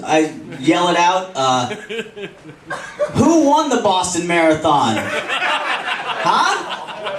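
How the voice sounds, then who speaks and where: A young comedian performs a crude, self-deprecating stand-up set on a comedy club stage, laughing through his own punchlines. His high voice swings widely in pitch at a slow pace with long pauses, caught by a distant mic in a roomy club over loud audience laughter.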